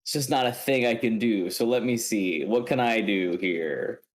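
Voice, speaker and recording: A man playing a tabletop role-playing game who talks in an animated way, thinking aloud and laughing often. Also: fairly low pitch, moderate pace. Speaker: player. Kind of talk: casual tabletop game play.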